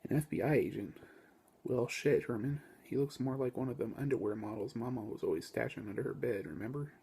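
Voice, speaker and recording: A crude, swaggering hunter with a rough, gravelly rasp, as a man reads him out. He sneers and threatens in a storybook reading, husky and coarse. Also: medium pitch, a little fast, warm tone. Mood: mocking. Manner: mocking, swaggering drawl. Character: crude hostile male redneck hunter.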